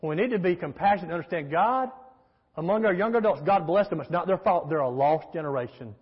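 This pastor is a fast talker with a high, animated, breathy voice, preaching emphatically in a church sanctuary. He draws on storytelling and call-and-response, and the echoey hall makes the recording muffled.

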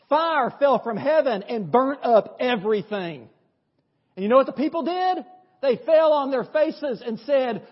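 A man's voice: very high voice, moderate pace. Male pastor, storytelling sermon, dull lo-fi church recording with a long hall echo. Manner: lively storytelling, conversational, with rhetorical questions. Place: church sanctuary.

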